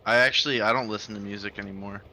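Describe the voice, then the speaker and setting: A man's voice: lowish voice, fairly even intonation, rapid-fire, pushed and bright. A man from Canada chatting with gaming friends, playful and mock-offended. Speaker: gamer friend in voice chat. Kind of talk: casual chat.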